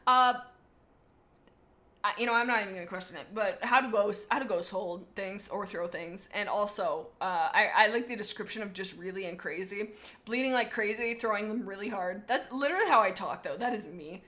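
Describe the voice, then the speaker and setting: A woman's voice: medium pitch, brisk, bright, forceful tone. A woman reading fan fiction aloud as host, with goofy, playfully sarcastic asides. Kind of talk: comedic reading with commentary.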